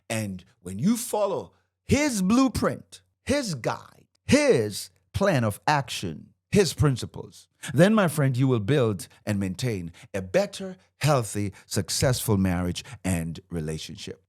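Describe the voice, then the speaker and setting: Fired-up preacherly man, lively pitch. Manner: fired up, preacherly, quotes scripture. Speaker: marriage coach and host. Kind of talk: faith-based marriage teaching to camera.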